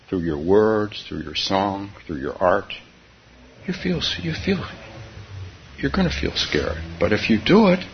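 A meditation teacher gives a relaxed dharma talk in a low, gravelly voice that swings widely in pitch. He speaks softly and haltingly, slipping small laughs between phrases, on a dull, faintly hissy recording.

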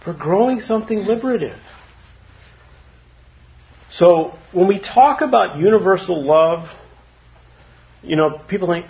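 A man leads a relaxed dharma talk, his voice sitting a bit high and swinging freely up and down. He speaks in an informal, chatty way and often laughs. The recording sounds dull and lo-fi. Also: moderate pace, pauses often.

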